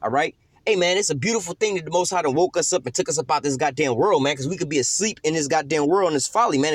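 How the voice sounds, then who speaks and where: Fast, profane street-style preacher man. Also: fairly high pitch, no room sound. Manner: profane, slangy, rambling. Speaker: scripture teacher. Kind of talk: informal sermon.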